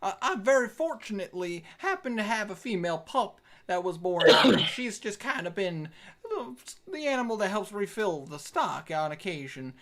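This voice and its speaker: Lively-voiced man running a voice-chat tabletop game. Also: sits high, normal speed. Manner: rambling, restarts often, laughs. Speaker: dungeon master. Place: home, voice chat.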